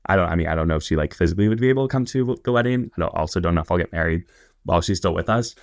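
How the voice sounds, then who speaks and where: A young man in his twenties with a low voice and a gravelly edge, chatting as a podcast guest. He rambles through his stories, full of fillers and quoted asides. The sound is close and dry. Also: rapid-fire, no echo. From Indiana. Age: 20s. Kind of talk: casual interview storytelling.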